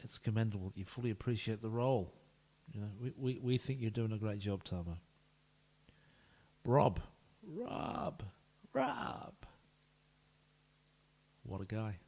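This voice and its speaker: A man's voice: fairly low pitch, a little fast, warm tone. A man, streaming a football management game and talking playfully to each player, often dropping to a whisper. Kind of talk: live-streamed game commentary.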